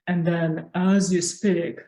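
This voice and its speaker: A woman giving a calm, explanatory talk as a spiritual growth coach, teaching listeners how to find their voice. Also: on the low side, slow pace, low-quality recording. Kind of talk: instructional talk on voice.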